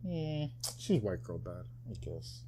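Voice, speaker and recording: A young man co-hosting a podcast, joking and riffing in a mocking, animated way in casual chat. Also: low voice, slow pace, husky. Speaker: podcast co-host.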